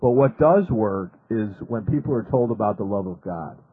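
A man's voice: fairly low pitch, animated, normal speed, husky, dry recording. A man hosting a radio talk show, earnest, often stumbling and repeating words. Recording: narrow phone-like radio sound.

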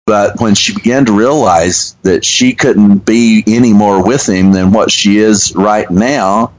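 Man, radio host, deep voice, unhurried, earnest storytelling. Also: poor audio. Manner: earnest, halting with restarts. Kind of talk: conversational storytelling.

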